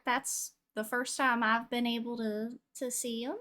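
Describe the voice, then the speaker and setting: A woman at a tabletop game, talking slowly and haltingly with a slightly high voice. She feels her way through sentences. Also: flat delivery, bright, forceful tone. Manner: hesitant, halting. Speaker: player. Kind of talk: casual tabletop play.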